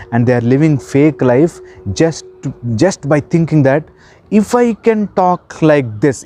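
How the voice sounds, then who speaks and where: A man giving an earnest spiritual talk, stressing points by repeating words and slowing down. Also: medium pitch, dark tone. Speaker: spiritual counsellor and life coach. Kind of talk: earnest spoken talk to camera.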